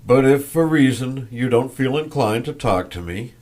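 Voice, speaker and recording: A man reading as a stern old Freemason, deliberate and loud. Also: mid-range voice, expressive, voice pushed up, natural voice. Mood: grave.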